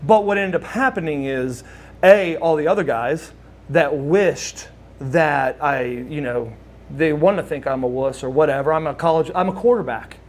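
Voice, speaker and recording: A man from Oklahoma telling a casual anecdote as a guest, his voice sitting a little high for a man. He tells it in an animated way and acts out the other people's lines as he goes. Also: moderate pace. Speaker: guest telling a wrestling story.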